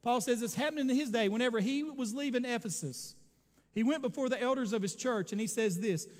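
A pastor preaching a sermon in a high, ringing voice. He swells into sudden loud bursts, then slows to drawn-out words for effect. The church behind him carries a long, lingering reverb. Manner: preaching with sudden loud surges and dramatic slowdowns. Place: church sanctuary.

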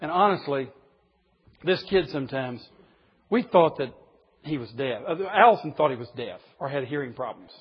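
A man's voice: mid-range voice, animated, normal speed, husky. A man in his fifties, a pastor preaching a sermon in an emphatic, humorous storytelling way. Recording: dull lo-fi recording.

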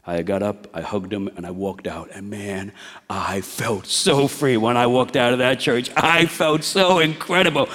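A middle-aged man preaching a sermon, moving between quiet storytelling and rising exhortation. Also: mid-range voice, measured pace. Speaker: pastor. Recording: long hall reverb.

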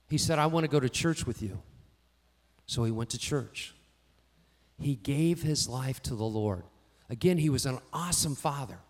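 A man preaching a sermon, telling personal stories and swinging from quiet asides to louder emphatic lines. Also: high voice. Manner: storytelling, varies loudness widely, rising for emphasis. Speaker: pastor.

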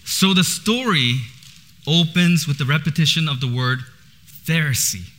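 A man's voice: on the high side, a little slow, bright, forceful tone. A man in his thirties preaching in church, casual and chatty, with a lot of laughter. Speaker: pastor. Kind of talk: sermon with personal stories.

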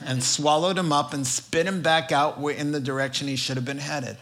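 A man's voice: on the high side, animated, a little slow, a bit bright. A man preaching a sermon, telling a story with emphasis and building repetitive rhetorical lists.

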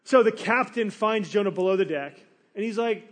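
A man delivering a sermon with a high, light voice. He tells the story in a casual, animated way and keeps slipping into acted-out quotes. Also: normal speed. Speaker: pastor.

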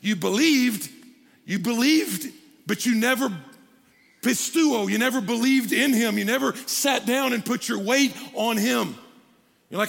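Man, pastor, high bright voice, animated sermon, hall reverb. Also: measured pace, gravelly. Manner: animated preaching, jokey asides to the crowd. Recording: long hall reverb from a large room.

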